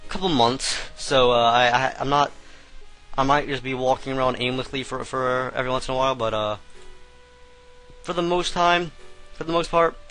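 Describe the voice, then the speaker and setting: Young man, let's play commentary, bright tense voice, rambling, game music faint. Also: medium pitch, normal speed, poor audio. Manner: rambling, hesitant, chatty. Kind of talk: casual gameplay commentary.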